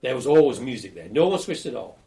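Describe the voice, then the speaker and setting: An older man being interviewed for an oral history, telling lively, blunt stories about his student days. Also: mid-range voice, fast, gravelly. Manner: lively storyteller, animated and blunt, swears casually.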